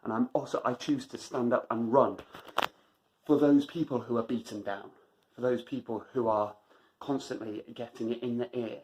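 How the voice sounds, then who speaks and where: A man's voice: mid-range voice, fairly even intonation, moderate pace, darkish tone, slight background noise, rough recording. A man delivering an emphatic motivational monologue as a running vlogger, driving points home by repeating phrases.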